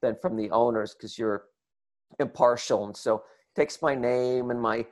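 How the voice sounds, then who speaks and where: A man telling a comic story to an audience, animated and acting out the people in it. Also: medium pitch, a little slow. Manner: animated, acts out voices and shouts in the retelling. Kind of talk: comic anecdote told to an audience.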